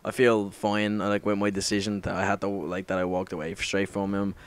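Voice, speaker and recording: A man's voice: fairly low pitch, level tone, brisk, clear, resonant tone. A young man telling a story casually over gameplay, rambling, swearing a lot and correcting himself as he goes. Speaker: gaming commentator.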